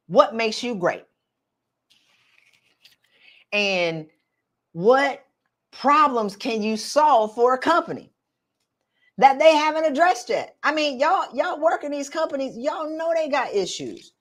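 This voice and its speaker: A middle-aged woman coaching live. Her voice sits a little high, and she talks in a slangy, direct, animated way. She sounds like she is preaching to a crowd of viewers. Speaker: career coach for women. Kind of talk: live-streamed coaching talk.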